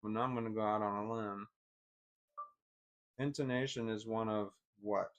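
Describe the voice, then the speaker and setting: A man casually thinking aloud, reading definitions off a screen in a halting, self-deprecating way. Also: fairly low pitch, steady tone, dull audio. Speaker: vlogger.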